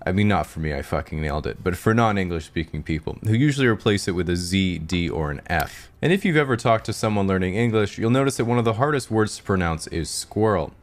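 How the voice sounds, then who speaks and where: A man with a Pacific Northwest American accent giving scripted comedic narration in a dry, deadpan, sarcastic way. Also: low voice, quick pace, few pauses.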